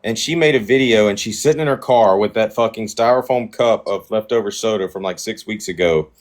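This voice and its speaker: A man's voice: lowish voice, a little fast. Profane rambling male streamer. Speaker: livestream host. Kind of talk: casual chat.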